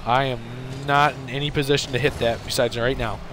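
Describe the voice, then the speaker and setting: A young man streaming a game, shouting excited commentary and bossy coaching at his teammate. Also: medium pitch, a little fast, noisy background. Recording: game music behind.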